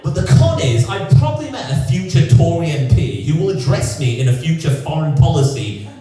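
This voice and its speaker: A man from England doing a stand-up comedy set, sardonic and lively, putting on voices for the people he quotes. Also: on the high side, a little fast, soft background music. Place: comedy club stage. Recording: roomy echoing club sound from a distance.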